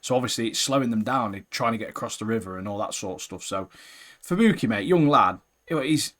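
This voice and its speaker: A man co-hosting a laid-back anime podcast. He talks with lively, joking energy and drops "mate" into nearly every sentence. His voice sits at an ordinary middle pitch. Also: fast talker. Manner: animated, banter-heavy, says "mate" constantly. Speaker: podcast co-host. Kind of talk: casual anime chat.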